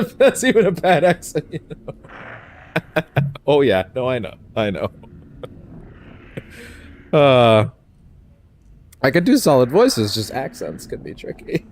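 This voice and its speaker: A man's voice: medium pitch, a little hiss or hum. A man streaming a game, rambling casually, swearing and laughing often as he plays. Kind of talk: casual let's-play commentary.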